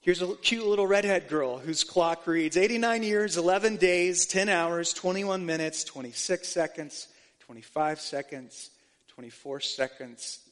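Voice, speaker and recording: A male pastor with a slightly high voice preaches a sermon at a slightly slow pace, asking his congregation questions and rising to fervent emphasis. He often restarts his words, and a long hall reverb surrounds him.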